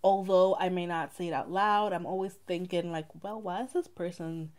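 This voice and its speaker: Young woman vlogger, mixed Saint Lucian and Bronx accent, slightly low voice, rambling and casual. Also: normal speed, darkish tone. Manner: chatty, rambling, many "like" fillers. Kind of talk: casual get-to-know-me vlog.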